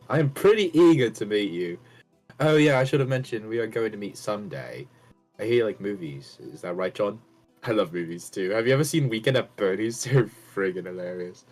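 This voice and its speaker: A man putting on a chipper British adventurer. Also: on the low side. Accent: put-on British. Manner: hammy, laughs and breaks character. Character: eager adventurous young man writing a letter.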